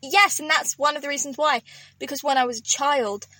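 A young woman co-hosting a casual podcast, playful and quick to laugh while telling stories. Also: high-pitched, steady tone, bright, forceful tone, no echo. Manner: playful storyteller, laughs often. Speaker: podcast co-host. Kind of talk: casual chat.

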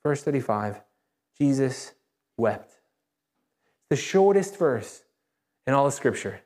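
A man preaching a sermon as a pastor, speaking conversationally and emphatically, with repeated phrases and animated rises. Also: medium pitch, slow pace. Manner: animated, rises sharply when excited. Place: church.

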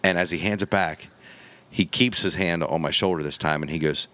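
Low-voiced man telling an animated hunting story. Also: brisk, no room sound. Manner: animated storyteller, acts out gunshots and quotes. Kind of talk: casual storytelling chat.

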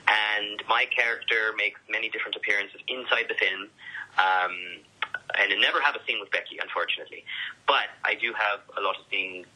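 A man chats as an interview guest, often restarting his sentences and leaning on fillers. His voice is husky but very bright, sitting a little low. It sounds like a lo-fi recording, close to a phone line. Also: brisk. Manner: rambling with frequent restarts and fillers. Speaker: podcast guest, actor. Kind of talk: casual interview chat.

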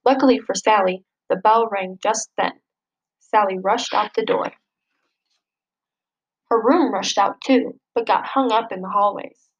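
A woman reading a children's picture book aloud in a lively, expressive way. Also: mid-range voice, unhurried, pauses often, breathy edge, low-quality recording. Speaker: storybook reader. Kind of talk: children's story read-aloud.

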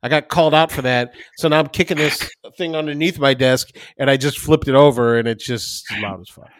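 A man's voice: medium pitch, a little fast, dry recording. A man co-hosting a podcast in casual chat, rambling and swearing freely while recording at his desk. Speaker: podcast co-host.

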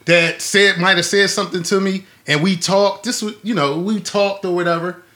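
High, bright joking man. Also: fairly even intonation. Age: 40s. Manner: joking, drawn-out delivery. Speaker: podcast co-host. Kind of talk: casual chat.

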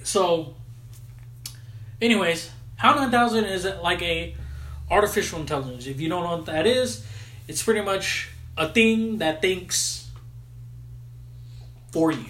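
A man's voice: high voice, expressive, unhurried, pauses often, a bit bright, roomy sound. A man hosting a podcast, casually recapping a film in slangy, swearing chat. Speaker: podcast host.

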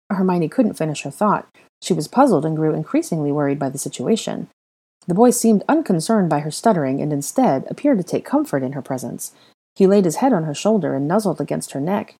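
A woman narrating a fan fiction story aloud in an expressive, animated reading. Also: low voice, a little fast.

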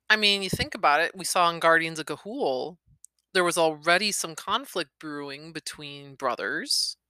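A woman's voice: fairly low pitch, no room sound. A woman talking a book over with her child, thinking aloud about how the story builds tension. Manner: thoughtful, analytical, animated. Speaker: parent reading a novel with her child. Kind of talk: casual discussion of a story's craft.

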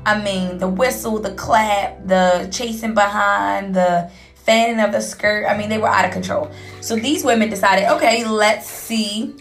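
A woman's voice: mid-range voice, normal speed, soft background music. Chatty woman telling a story. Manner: candid, animated retelling with frequent fillers. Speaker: podcast host. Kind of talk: casual storytelling monologue.

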